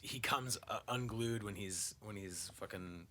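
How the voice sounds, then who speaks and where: A man hosting a podcast in casual chat, telling swearing, animated stories and acting out quotes. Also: fairly low pitch, measured pace, slight background noise. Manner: profane, animated storytelling with put-on quotes. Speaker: podcast host.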